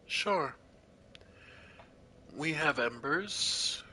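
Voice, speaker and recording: Calm streamer man, let's play commentary, slow, bright, faint ambience behind. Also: fairly high pitch, a little hiss or hum, poor audio. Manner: calm, reads game text aloud.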